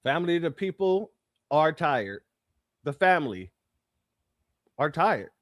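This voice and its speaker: A man's voice: fairly high pitch, sing-song, slow, very noisy. A man hosting a reaction commentary, talking emphatically, repeating his phrases and calling his viewers family. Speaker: commentary channel host.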